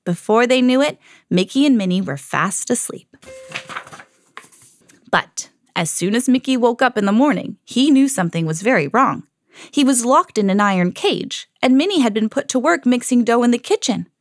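A woman hosting a children's podcast, reading a storybook aloud in an expressive storytelling manner. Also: on the high side, normal speed, no room sound, studio quality.

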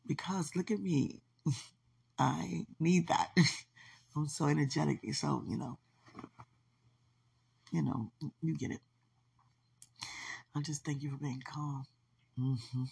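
A woman's voice: low voice, steady tone, takes it slowly, creaky, long pauses, mellow, husky. A woman hosting a podcast in casual livestream chat, effusive and affectionate and laughing often. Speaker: podcast host.

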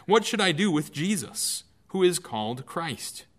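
A man's voice: on the high side, very animated, unhurried, pitched above the performer's own voice. A man reading the lines of an anxious, insistent Roman governor, pressing his questions with a raised voice. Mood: pleading.

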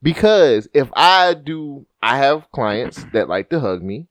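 Very lively-voiced man, playful and swearing. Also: mid-range voice, slow pace, no echo. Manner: playful, swearing, hesitant restarts. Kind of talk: casual chat.

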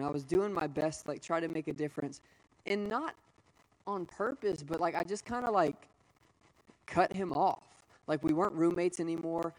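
A young man in his twenties preaching to a live audience, telling personal stories in a lively, conversational way with asides. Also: a little high, rough recording. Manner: storytelling, energetic and conversational, with asides. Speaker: pastor.

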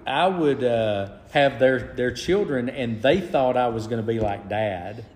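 A man's voice: mid-range voice, a little slow, darkish tone. A man, chatting as a podcast guest and telling easygoing stories. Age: 50s. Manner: easygoing storyteller, chuckles often. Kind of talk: casual podcast chat. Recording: roomy reverb with faint background noise.

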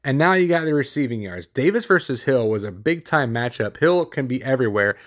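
Male sports podcast host: casual, blunt, rambly delivery, full of ums and restarts, mid-pitch voice. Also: expressive, fairly quick. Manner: rambling, with many fillers and restarts; blunt and opinionated, with casual slang. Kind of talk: casual solo sports commentary.

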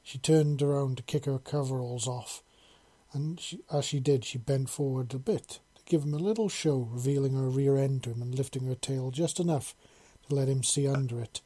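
A man narrating a storybook chapter in a calm, unhurried, even way. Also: mid-range voice. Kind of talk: storybook reading.

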